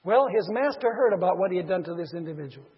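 A man preaching a sermon, acting out the figures of a parable with sudden swings between loud and soft. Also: high-pitched, animated, quick pace, husky. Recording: dull reverberant hall sound.

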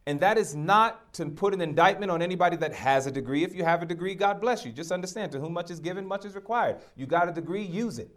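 A man's voice: high voice, fast talker, hardly any pauses, fairly bright tone. A middle-aged man preaching a sermon, emphatic and direct, throwing rhetorical questions at his congregation.

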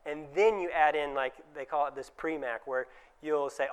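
A dentist presents at a conference in an easygoing, conversational style, his voice smooth, resonant, and a touch higher than most men's. Now and then he acts out brief exchanges, changing his voice to play parents and patients.

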